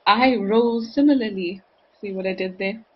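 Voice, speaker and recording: A woman's voice: mid-range voice, normal speed, breathy edge, muffled recording. A woman hosting a live wildlife cam show, chatting enthusiastically and reading out viewer comments.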